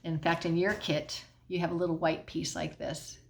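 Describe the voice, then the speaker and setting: A woman's voice: fairly low pitch, flat delivery, normal speed, creaky, a little hiss or hum. A middle-aged woman teacher explaining a science lesson at home in a patient way, often checking in with the class.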